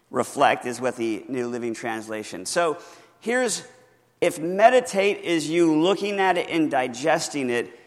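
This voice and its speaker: A man's voice: medium pitch, in a large hall. A man preaching a teaching sermon from notes, talking conversationally, asking the congregation questions and stressing key words. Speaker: pastor.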